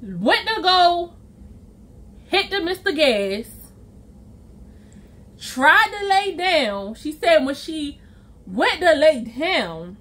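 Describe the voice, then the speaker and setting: A woman vlogger telling a storytime tale, animated and chatty, acting out quotes and sound effects. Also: sits high, very slow, long pauses. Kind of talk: storytime vlog.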